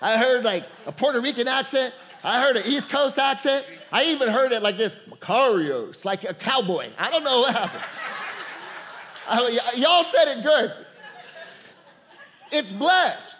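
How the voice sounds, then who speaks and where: Preacher guy w a really high voice, repeats himself, calls out to the crowd. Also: normal speed, long pauses, pushed and bright, slight background noise. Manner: repeats words, calls out to the congregation, laughs often. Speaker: pastor. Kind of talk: sermon.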